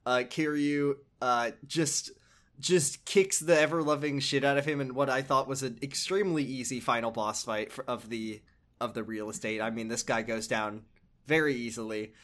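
A man's voice: mid-range voice, fairly even intonation, normal speed, a bit bright. A man recapping a video game on a podcast. He rambles and swears, and his talk is full of hesitations and restarts. His voice sits in an ordinary middle register.

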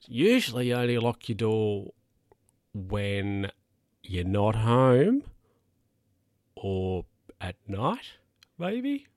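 A man's voice: on the low side, big pitch swings, takes it slowly, long pauses, a little mellow, no echo, studio quality. A man telling stories casually to camera as a vlogger, rambling and chatty. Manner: rambling, chatty, with mock-quoted voices.

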